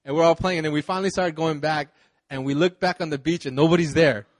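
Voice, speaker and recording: A man preaching a relaxed, chatty sermon, telling a vacation story with laughs, fillers and restarts. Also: on the high side, quick pace. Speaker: pastor. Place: church service.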